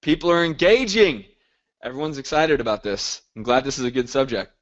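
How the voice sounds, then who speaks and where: A man's voice: mid-range voice, animated, fairly quick, muffled recording. A man hosting a live group coaching call, talking in an upbeat, motivational way and reacting to listeners by name.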